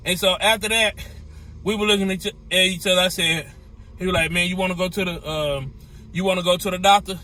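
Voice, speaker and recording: A man, an owner-operator truck driver, telling a story in a casual vlog with animated, repetitive exclamations. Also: high-pitched.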